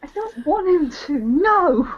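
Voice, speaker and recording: A woman's voice: very high voice, sing-song, takes it slowly. A woman player at a tabletop game, talking enthusiastically and exclaiming often. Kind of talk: casual chat at a game table. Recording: dull lo-fi.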